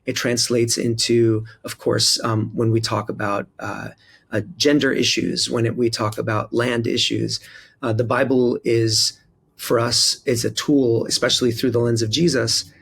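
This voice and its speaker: Pastor guy from jerusalem, gravelly voice, earnest with dry little asides, lots of pauses, mid pitch. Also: flat delivery, a bit bright. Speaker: pastor, guest. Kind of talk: reflective conversational storytelling.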